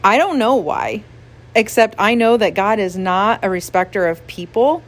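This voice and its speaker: In a relaxed devotional talk, a woman speaks as a pastor's wife at an ordinary middle pitch and a moderate pace. She is emotional and earnest, laughing often and leaning heavily on "like."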